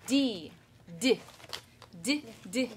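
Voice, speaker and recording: A woman in her thirties, a kindergarten teacher, reading a picture book aloud to children with lively voiced storytelling, then leading a home class. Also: on the high side, extremely slow, background noise.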